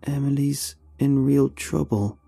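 A man's voice: mid-range voice, fairly even intonation, slow, creaky, mellow, husky, soft background music, pitched above the performer's own voice, exaggerated voice. A man voicing an eerie possessed young man who repeats himself with a dead face. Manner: dead-faced, repetitive.

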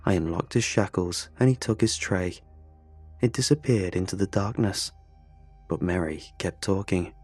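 A man's voice: deep voice, normal speed, a little mellow, slightly rough, no room sound, soft background music. A man narrating a first-person horror story in a tense, confessional way.

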